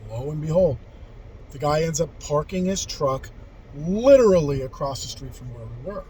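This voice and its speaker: A man in his forties tells a story from his own youth in a loose, rambling way. His voice sits a little on the high side, and he swears freely and restarts his sentences. A faint hum of background noise runs underneath. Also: animated, moderate pace, darkish tone, low-quality recording. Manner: rambling and candid, with frequent profanity and restarts. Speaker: vlogger telling life stories. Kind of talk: casual personal storytelling.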